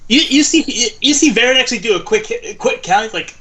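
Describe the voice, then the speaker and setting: A man's voice: very high-pitched, animated, brisk, pushed and bright, breathy edge. A young man playing a tabletop game, rambling and repeating himself as he describes what his character does. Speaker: player. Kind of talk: tabletop role-play chat.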